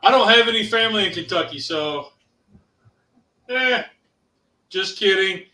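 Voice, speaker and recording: A man from Ohio co-hosting a casual cooking show, talking in a rambling, halting way with many fillers. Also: sits high, lively intonation, bright, forceful tone. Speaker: co-host. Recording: roomy sound, mic at a distance.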